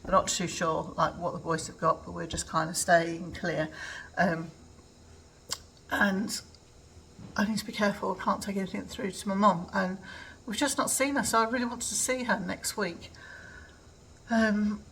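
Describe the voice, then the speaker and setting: A woman's voice: mid-range voice, steady tone, moderate pace, vocal fry, a bit bright, slight background noise, low-quality recording. An older woman from England chatting casually in a home vlog, rambling with lots of ums. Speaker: vlogger. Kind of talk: casual chat.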